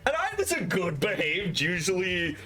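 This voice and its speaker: Animated young man telling stories on stream. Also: high-pitched, moderate pace. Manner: animated, swears freely, acts out quotes. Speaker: livestreamer. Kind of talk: casual storytelling on stream.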